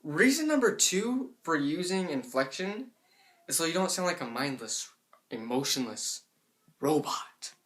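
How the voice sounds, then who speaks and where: A young man talks casually to the camera, explaining a speaking tip. His delivery leans toward a monotone, and he relaxes into fillers like "I mean" and "like" as he goes. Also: on the high side, measured pace. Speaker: vlogger giving tips. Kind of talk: casual educational vlog.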